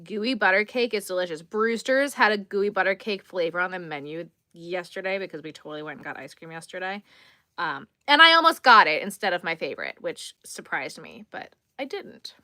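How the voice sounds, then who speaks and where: A woman with a lowish, expressive voice hosts a casual crochet livestream, speaking briskly in a bright, forceful tone. She chats easily and a bit tiredly, reading viewers' comments and answering them as she crochets. The recording is dry, with clean studio sound.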